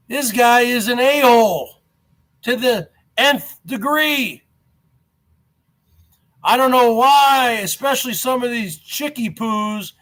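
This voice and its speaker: A man with a high, bright voice rants in a mocking tone to his viewers. He talks slowly and loudly, hammering the same phrases over and over as he addresses the audience directly. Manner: mocking, loud and repetitive, often addresses "folks". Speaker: YouTube show host. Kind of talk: ranting commentary to viewers.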